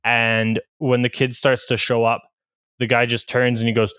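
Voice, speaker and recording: A man's voice: medium pitch, monotone, moderate pace, fairly bright tone, smooth, no room sound. A man running a tabletop game as game master, narrating in a casual way with many fillers.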